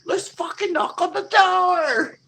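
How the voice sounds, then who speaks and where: A man voicing a rowdy drunk young man who talks loud and pushy, pitched up high. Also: big pitch swings, normal speed.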